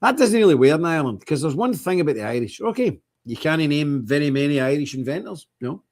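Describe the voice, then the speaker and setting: A man's voice: a little high, big pitch swings, quick pace, a little mellow. Give me a man hosting a stream, blunt and emphatic, with frequent chuckles. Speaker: livestream host. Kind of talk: casual ranting monologue.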